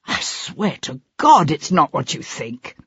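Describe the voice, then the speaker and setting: A man's voice: on the high side, huge pitch swings, takes it slowly, a bit bright, husky, no room sound, full character voice. An audiobook reader voicing a nervous, snappish male actor under suspicion, in a dry, slightly dull recording. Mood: defensive. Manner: snappish, defensive.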